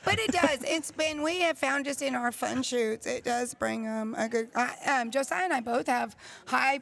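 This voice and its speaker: A woman's voice: high-pitched, normal speed, creaky, a bit bright. A woman with a Northern US accent, organizing an archery shoot and chatting in a friendly, rambling way. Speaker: tournament organizer. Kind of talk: casual livestream commentary.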